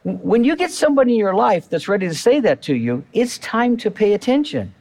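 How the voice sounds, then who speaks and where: A man's voice: high-pitched, sing-song, brisk, a little mellow. A male pastor preaching a sermon in a church, talking to the congregation in a conversational way and repeating key phrases.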